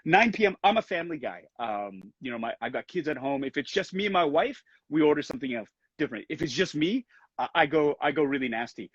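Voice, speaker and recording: A man's voice: mid-range voice, animated, quick pace, slightly rough, no echo, dull audio. A man from Canada, an actor being interviewed over a video call on a headset, speaking earnestly and thoughtfully, often restarting his sentences.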